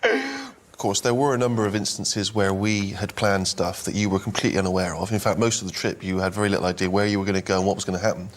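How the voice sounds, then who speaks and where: A man co-hosting a casual chat, asking questions in a measured, mock-serious way. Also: low voice, expressive, slight background noise.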